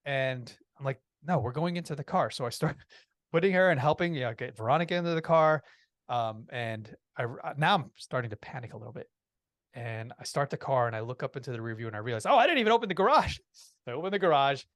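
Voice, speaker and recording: A man telling a personal story as a podcast guest, in a lively way, with frequent restarts. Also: mid-range voice, fast, dry recording, clean studio sound. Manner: lively, acts out quoted voices, restarts often.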